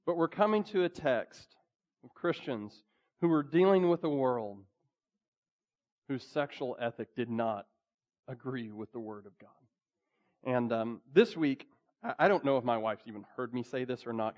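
A man preaching a sermon in a conversational way, with frequent fillers and lively emphasis. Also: medium pitch, normal speed, highs cut off. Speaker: pastor.

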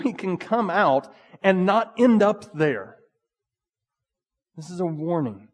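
Man, pastor, sermon, conversational, animated, reverberant hall. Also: fairly high pitch. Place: church sanctuary. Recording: long reverb of a church hall.

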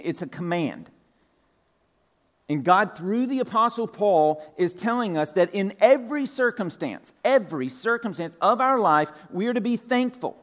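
Male pastor, slightly high voice, easygoing sermon delivery, restates points, loose filler words. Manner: casual, repeats points, many "like" fillers. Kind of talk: conversational sermon. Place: church sanctuary.

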